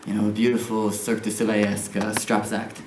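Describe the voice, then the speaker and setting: A man's voice: lowish voice, flat delivery, quick pace, echoey room, slight background noise, low-quality recording. A man performing a dry, hesitant stand-up style monologue with many ums, recorded live on a theater stage.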